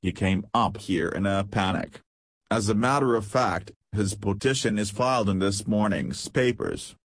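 A man reading the part of an upright gentleman who speaks firmly and earnestly. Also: on the low side, moderate pace, no room sound, close to an everyday voice. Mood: indignant. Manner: firm and earnest. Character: upright young gentleman, stern and indignant.

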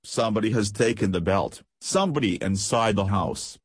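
A man's voice: lowish voice, expressive, normal speed, breathy edge, no echo. A man reading the part of a scheming aristocratic lady who talks lightly and insinuatingly. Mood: earnest. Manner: light, falsely sweet and insinuating.

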